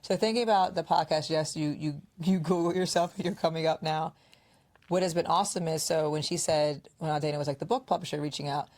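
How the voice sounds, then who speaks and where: Low-voiced woman podcast host. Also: brisk. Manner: animated storyteller, acts out quoted friends. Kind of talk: casual conversational podcast chat.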